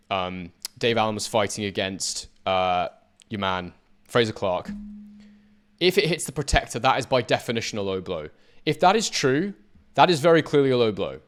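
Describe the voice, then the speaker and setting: A man's voice: fairly low pitch, fairly bright tone. A man analysing boxing footage, speaking emphatically and addressing his viewers directly. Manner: emphatic, talks straight to viewers. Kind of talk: talking over fight footage.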